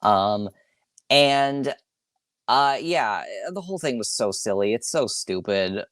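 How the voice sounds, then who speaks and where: Male podcast host, solo rant; loose, profane, self-interrupting delivery, mid pitch, dead-dry recording. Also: lively intonation, takes it slowly, a bit bright, dry recording. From Long Island, New York. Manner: rambling, swearing, self-correcting, with sighs.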